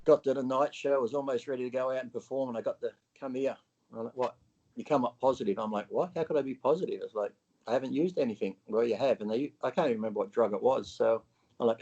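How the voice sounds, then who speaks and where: A gravelly-voiced Australian man talks as an interview guest. He tells his story bluntly and profanely, slipping into the voices of people from it. The audio is muffled and lo-fi. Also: medium pitch, fairly even intonation, fast talker, darkish tone. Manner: blunt and profane, acts out his own past dialogue.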